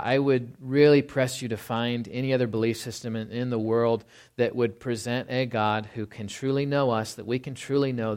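A man's voice: mid-range voice, a little mellow. Man preaching a conversational sermon. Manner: conversational, asks "right?" often, slows for scripture quotes. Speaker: pastor.

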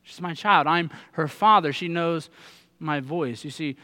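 A man's voice: fairly high pitch, unhurried, bright, forceful tone. A man in his thirties preaching a sermon, earnest and putting direct questions to his listeners. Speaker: pastor.

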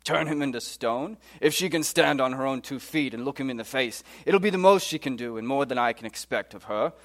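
A man reading aloud and voicing a kindly male talking beaver in a put-on British accent, speaking softly. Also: medium pitch, a little fast, close to an everyday voice. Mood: hushed earnest. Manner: hushed, storybook reading aloud.

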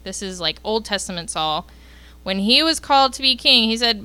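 A woman's voice: on the high side, animated, normal speed, pushed and bright, smooth, no echo. A woman leading a youth group, giving a casual Bible lesson and often checking in with the group by asking "okay?".

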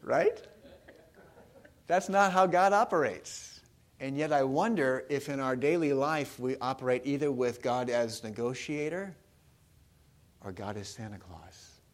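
A man's voice: medium pitch, measured pace. A man preaching a sermon, talking casually with the congregation and asking them questions. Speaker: pastor.

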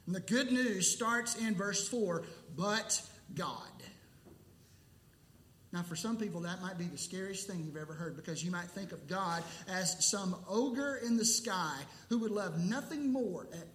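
High-voiced, slow-preaching man in an echoey room. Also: a bit bright. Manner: emphatic, deliberate preaching with pauses. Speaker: pastor. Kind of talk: sermon. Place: church sanctuary.

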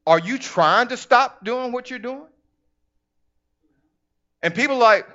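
A man preaching a sermon in church, animated and conversational, acting out little asides. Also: extremely high pitch, unhurried, dull audio.

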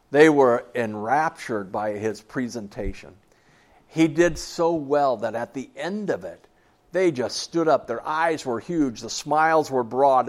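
A man's voice: mid-range voice, darkish tone. A man preaching a sermon as a pastor, telling a story and earnestly repeating key phrases.

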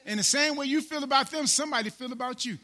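High, bright-voiced man preaching. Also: fast talker. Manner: call-and-response preaching, repeats phrases, rises and drops in volume. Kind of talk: sermon.

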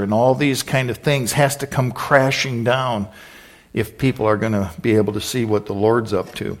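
A man preaching a sermon, retelling scripture in a lively storytelling way and acting out the voices. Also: mid-range voice, normal speed. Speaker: pastor.

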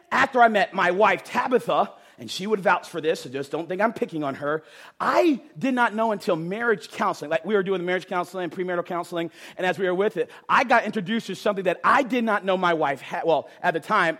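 A man's voice: sits high, fairly quick. A man preaching a sermon, talking emphatically with casual jokes and frequent asides to the crowd. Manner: animated, emphatic, jokey, talks to the crowd with "right?".

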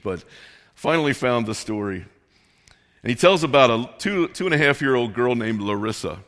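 A man's voice: mid-range voice, a bit bright. Man preaching in a reverberant hall. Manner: earnest, conversational preaching with quoted voices. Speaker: pastor. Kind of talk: sermon.

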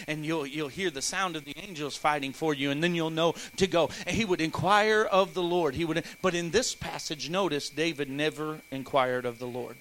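A man preaching a sermon in church, animated, acting out voices and breaking into playful asides. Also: fairly high pitch, normal speed, few pauses, slight background noise, poor audio. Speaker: pastor.

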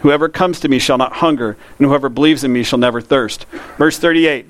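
A man, a pastor preaching a conversational sermon that slows down to read scripture. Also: mid-range voice.

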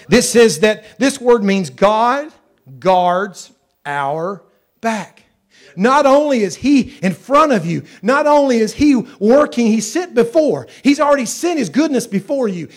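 A man with a high voice preaches a sermon. He drives his points home by repeating phrases. He drops to a hush, then climbs back up to a loud pitch. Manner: emphatic, repeats phrases, swings loud and soft.

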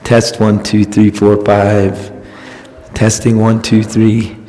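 A man's voice: on the low side, slow pace, a crowd in the background. A man serving as pastor, chatting casually and counting into the mic during a sound check before a sermon. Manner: relaxed, joking, counting into the mic. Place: church sanctuary. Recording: long hall reverb.

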